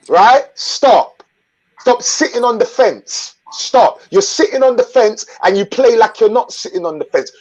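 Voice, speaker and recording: A high-voiced man rants straight to camera, blunt and full of swearing, hammering the same points again and again. The sound is dull and muffled. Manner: blunt and profane, repeating himself. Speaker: channel host. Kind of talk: angry vlog rant.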